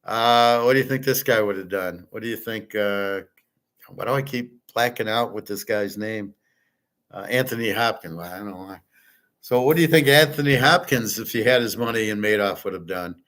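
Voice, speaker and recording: A man's voice: lowish voice, moderate pace, fairly bright tone. A male host in a blunt, emphatic rant, swearing freely and rambling with restarts. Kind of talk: casual rant to camera.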